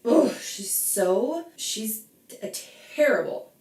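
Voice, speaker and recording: A woman ranting in casual commentary as a reality TV reaction vlogger, animated and swearing, a little tipsy from wine. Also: a little high, slow. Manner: animated, swearing, quoting others in bits. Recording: echoey room.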